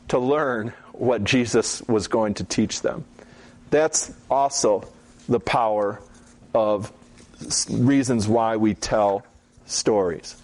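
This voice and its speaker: Man, church teaching talk, conversational storyteller, middle pitch, frequent asides. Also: darkish tone. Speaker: Bible teacher.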